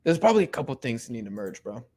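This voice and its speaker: A young man casually chatting through a live football watch-along, reading and answering chat in relaxed slang. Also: medium pitch, racing. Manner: laid-back slang-heavy chatter, many fillers.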